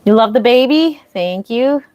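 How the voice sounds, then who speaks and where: A woman's voice: a little high, animated, a little slow, darkish tone, no echo, lo-fi sound. A woman streaming live as a reborn doll artist, chatting casually, greeting viewers and answering their comments with frequent ums and restarts.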